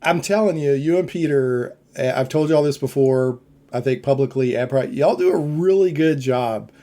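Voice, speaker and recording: A man's voice: mid-range voice, moderate pace, warm tone. A man hosting a podcast, chatting casually and rambling with many restarts. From United States. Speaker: podcast host. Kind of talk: casual chat.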